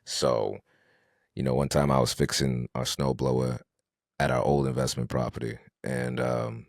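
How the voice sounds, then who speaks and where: A man co-hosting a podcast, telling stories in a slangy, animated, casual way. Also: very deep voice, moderate pace, vocal fry, dry recording, clean studio sound. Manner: slangy, animated storyteller with restarts. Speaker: podcast co-host. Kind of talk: casual storytelling chat.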